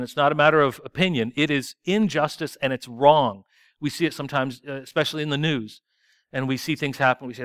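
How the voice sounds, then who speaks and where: A man's voice: a little high, pushed and bright, smooth, dry recording, studio quality. A man preaching a sermon in a conversational, self-deprecating way. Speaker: pastor.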